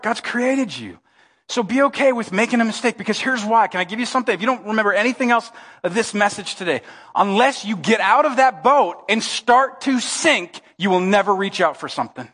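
A male pastor, preaching an emphatic, animated sermon. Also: high-pitched, breathy edge. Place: church sanctuary. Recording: reverberant church hall.

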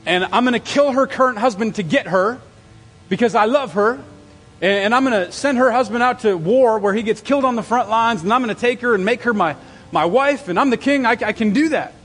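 A man's voice: extremely high pitch, brisk, fairly bright tone, big-room sound, pitched above the performer's own voice. A man preaching, voicing a brash, entitled king in heated, boastful outbursts.

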